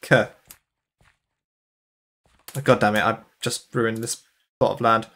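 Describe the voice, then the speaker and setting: A man's voice: on the low side, fairly even intonation, normal speed, fairly bright tone. Chatty British man streaming a game. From United Kingdom. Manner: chatty, laughs often, replies to chat. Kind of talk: casual chat while gaming.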